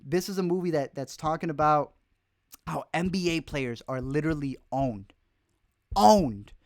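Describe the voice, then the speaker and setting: A young man hosts a casual livestream about films he missed, rambling with plenty of fillers and restarts as a film reviewer. His voice is a little high and his speed normal, in a dry, studio-quality recording.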